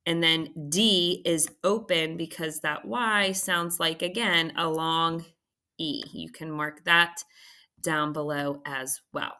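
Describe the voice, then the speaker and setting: A woman teacher walking students through a recorded phonics lesson, patient and checking in often with a quick "okay?". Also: low-pitched, steady tone, bright, forceful tone, smooth.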